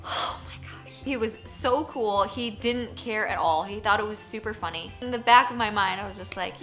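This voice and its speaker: A woman in her thirties, a poker journalist, telling a story in a vlog, animated and full of "like", acting out her own reactions. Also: medium pitch, normal speed, soft background music.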